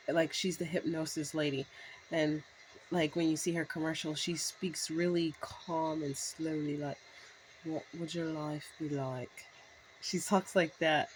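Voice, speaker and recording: A woman's voice: lowish voice, a little mellow, a little hiss or hum, poor audio. A woman in her thirties telling a rambling story to camera, full of fillers and restarts. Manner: breaks into laughs. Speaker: vlogger. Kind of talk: casual storytelling monologue.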